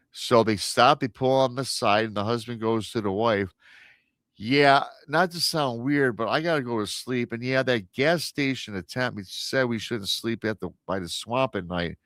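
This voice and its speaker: This man, guesting on a paranormal radio program, tells an encounter tale casually and with energy, performing the quoted voices and restarting sentences again and again. He speaks in a fairly low register. The studio-quality audio carries no echo.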